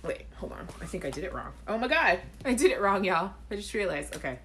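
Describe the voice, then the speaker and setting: A woman's voice: mid-range voice, sing-song, fast talker, a bit bright, a little hiss or hum. A woman hosting a live chat show, talking casually to viewers, reading out their comments and laughing. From Caribbean.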